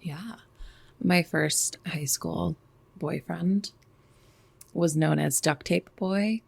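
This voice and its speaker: A woman's voice: on the low side, extremely slow, creaky, husky. A woman co-hosting a podcast in casual chat, laid-back and rambling with lots of fillers. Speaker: podcast co-host.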